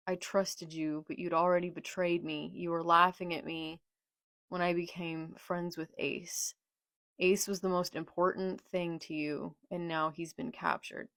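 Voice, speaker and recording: A woman reading out a betrayed male pirate captain's accusations in a quiet, subdued tone. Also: on the low side, vocal fry, no room sound. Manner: accusing, subdued read-aloud.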